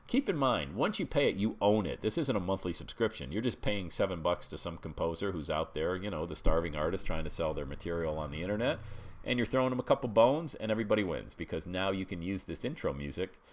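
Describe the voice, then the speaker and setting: A man's voice: low voice, animated, quick pace. A middle-aged man teaching a screen-share webinar, chatty and walking listeners through each step with frequent check-ins. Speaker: webinar instructor.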